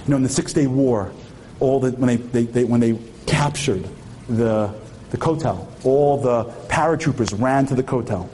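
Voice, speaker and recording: A man's voice: mid-range voice, normal speed, darkish tone, a little hiss or hum. A man giving an impassioned sermon-like speech at a memorial tribute, firing rhetorical questions at the audience and weaving in Hebrew terms.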